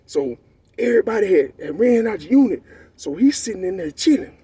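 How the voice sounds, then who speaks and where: A Texan man with a high, husky voice tells a story in loose, animated street slang. His tone is mellow rather than sharp, and he keeps checking in with his listener. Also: fairly quick, no echo. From Texas. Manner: animated, profane street slang, repeats "you know what I'm saying". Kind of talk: casual storytelling.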